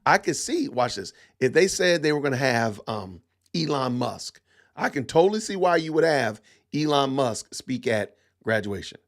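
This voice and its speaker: A man's voice: mid-range voice, big pitch swings, moderate pace. A middle-aged man hosting a podcast, giving opinionated commentary with emphatic rhetorical questions and lots of repetition. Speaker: podcast host.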